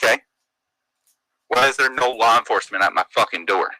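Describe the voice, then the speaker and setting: A man's voice: medium pitch, a little fast, bright, forceful tone, dry recording, low-quality recording. A man hosting a livestream, arguing angrily and defensively, swearing often. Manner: angry, profane, defensive ranting. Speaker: livestream host. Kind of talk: heated livestream argument.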